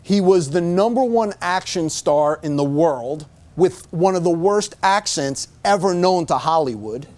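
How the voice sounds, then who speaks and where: A middle-aged man from the United States gives a motivational speech to staff in a room, emphatic and punching his points with repeated "okay?". His voice is on the high side and darkish, expressive, at a measured pace.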